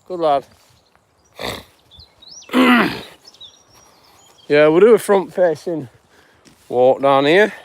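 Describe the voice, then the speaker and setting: A man's voice: fairly high pitch, animated, very slow, pauses often, no echo. A man, chatting casually on a live-stream walk through outdoor fields, greeting viewers and musing about life. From northwest England. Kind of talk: rambling live walk-and-talk.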